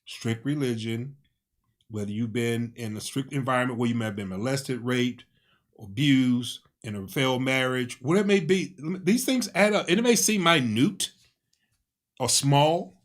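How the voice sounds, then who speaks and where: A man's voice: medium pitch, moderate pace. A man co-hosting a relationship talk who is also a pastor, talking emphatically in a preacherly way with joking asides. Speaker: co-host, pastor. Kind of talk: casual relationship chat.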